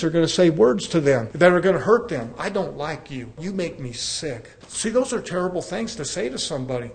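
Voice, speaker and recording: A pastor preaches a sermon with earnest conviction, his voice sitting a little high for a man. Addressing the congregation as brethren, he slips into relaxed, conversational storytelling and acts out the dialogue in his examples.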